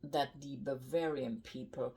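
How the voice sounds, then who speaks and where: A woman's voice: rumbling low, fairly even intonation, unhurried, a little mellow. An older woman from North Rhine-Westphalia with a German accent, telling stories to camera in a blunt, rambling, chatty way. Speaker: cooking vlogger. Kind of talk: casual storytelling to camera.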